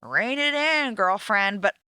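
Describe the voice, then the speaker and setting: A woman's voice: mid-range voice, expressive, slow, sharp tone, clear, resonant tone, no room sound, clean studio sound. A woman co-hosting a podcast, recapping a reality show in casual chat. She talks bluntly and sarcastically and swears freely. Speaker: podcast co-host.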